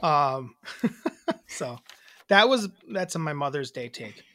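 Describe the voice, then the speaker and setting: Speaking slowly yet very animatedly, a woman in her thirties co-hosts a podcast in blunt, casual conversation laced with swearing and filler words. Her voice is low-pitched with a fairly bright tone.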